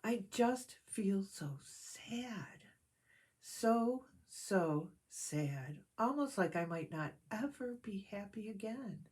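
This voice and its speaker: Pooh, as a woman reads him soft and tearful. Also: medium pitch, animated, takes it slowly, hardly any pauses, slightly rough. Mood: sad. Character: tearful little male teddy bear, sad and sobbing. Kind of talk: storybook reading.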